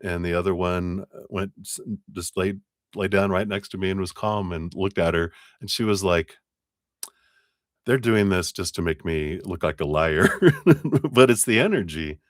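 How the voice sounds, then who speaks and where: A man's voice: sits low, moderate pace, no room sound, clean studio sound. A man giving a casual live tarot reading, chatting, storytelling and laughing often. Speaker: tarot reader on a live stream.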